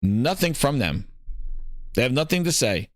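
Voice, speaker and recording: A man's voice: mid-range voice, unhurried, no echo. Casting: male podcast host, heated gaming rant, dry close sound. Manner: ranting, animated, repeats himself. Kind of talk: casual gaming commentary.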